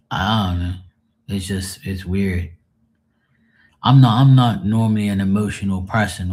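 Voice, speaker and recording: A man's voice: sits low, a little mellow. A man on a live stream venting in a rambling, emotional monologue, swearing often and sounding drained and sad.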